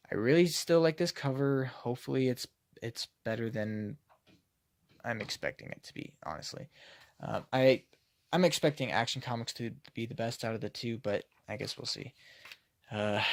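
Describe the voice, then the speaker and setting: A man's voice: mid-range voice, dry recording. A man giving a casual, critical comic book review, hesitating often and sighing.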